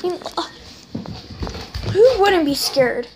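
A woman's voice: very high voice, animated, slow, slight background noise, poor audio. A sixth-grade girl chatting casually in a home vlog, rambling and filling gaps with "anyway". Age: child, sixth grader. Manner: rambling, keeps saying anyway. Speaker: vlogger.

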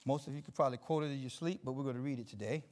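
A middle-aged male pastor preaching a sermon, reading scripture slowly and building emphasis through repetition. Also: mid-range voice, darkish tone.

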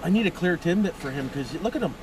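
A man's voice: on the high side, animated, fast talker. A man with an Ontario Canadian accent talks in a rambling driving vlog, tagging his lines with "it is" and "boys". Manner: rambling, tags lines with "it is", "boys", "friggin' right". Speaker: vlogger. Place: inside a van, driving with a window open. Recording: windy, from a distance in a car.

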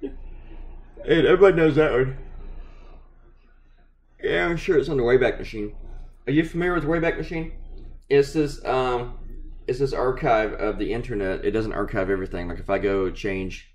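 A man's voice: mid-range voice, fairly quick. A man who draws cartoons, chatting casually while he works. He rambles with many fillers and sounds sleepy, as if stifling yawns early in the morning. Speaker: cartoonist vlogger.

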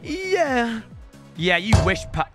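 A young man commentating on his own gameplay, excitable and prone to shouting outbursts, addressing viewers as lads. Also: very high-pitched, takes it slowly, soft background music. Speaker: gaming YouTuber.

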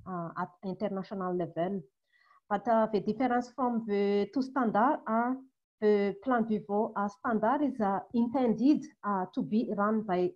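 A woman answering a technical question on a webinar, halting with frequent fillers. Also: medium pitch, a little mellow. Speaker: panelist on a webinar. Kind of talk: explanatory answer. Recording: dull video-call audio.

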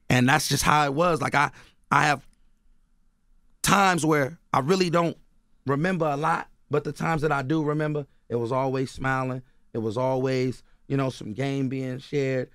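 A man's voice: medium pitch, fairly even intonation, normal speed, a bit bright, clean tone, no echo. Bay guy on a radio show, chill storytelling, lots of "you know what i mean", dead dry studio sound. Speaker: guest author and rapper. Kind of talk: casual radio interview.

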